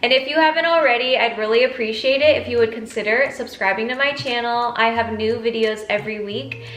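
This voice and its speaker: A woman's voice: fairly high pitch, brisk, fairly bright tone. Upbeat woman reviewing food, echoey room. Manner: enthusiastic, tasting food between lines. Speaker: food vlogger.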